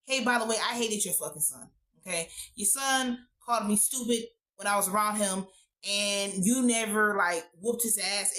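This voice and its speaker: A woman voicing a menacing male killer who talks flatly and bluntly. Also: mid-range voice, voice pushed down, close to an everyday voice, poor audio.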